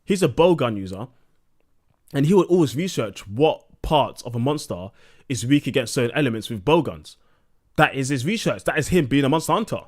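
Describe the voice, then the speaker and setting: A man's voice: medium pitch, expressive, a little fast. A young man streaming live, talking a little drunk with slightly slurred words and ranting bluntly with plenty of swearing.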